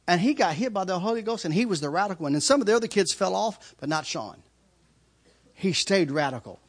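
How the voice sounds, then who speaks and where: A middle-aged man telling his testimony with a high, husky voice. His pitch swings widely as he laughs and stumbles through repeated words. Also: big pitch swings, brisk. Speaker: speaker giving a testimony. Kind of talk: testimony storytelling.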